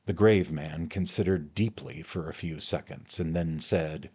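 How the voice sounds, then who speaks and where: Low husky guy reading an old novel aloud, steady narration. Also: measured pace, few pauses. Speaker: audiobook reader. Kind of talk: scripted narration.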